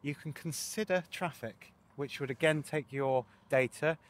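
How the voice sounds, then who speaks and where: A man's voice: on the high side, a little slow. A man presenting a casual walkthrough of a motorcycle sat nav, chatty with wry asides.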